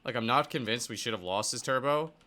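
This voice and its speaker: A young man giving casual commentary on his own competitive match, excitable and profane, full of "like" and "dude". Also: medium pitch, brisk. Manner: excitable, profane, filler-heavy talk. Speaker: esports player reviewing his match.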